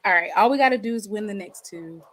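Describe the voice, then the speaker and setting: Talking directly to her chat, this livestream host is a chatty woman in her 30s. She has a mid-range, fairly bright voice and moves at a quick pace through her casual stream.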